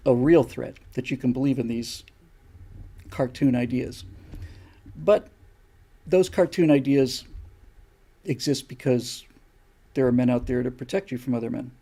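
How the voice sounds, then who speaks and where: A man's voice: medium pitch, mellow. An older man hosting a live stream, giving an opinion monologue in a lecturing way, firing off rhetorical questions.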